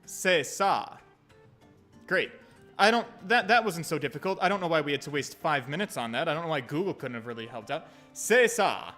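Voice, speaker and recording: A man's voice: fairly high pitch, fast, fairly bright tone, soft background music. An American man casually commenting on a game while streaming, profane and rambling.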